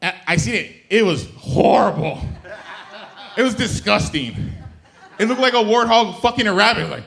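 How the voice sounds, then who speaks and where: A man's voice: high-pitched, lively intonation, moderate pace, gravelly, a bit bright. A man telling crude jokes in a stand-up set. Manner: crude punchline delivery. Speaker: stand-up comic.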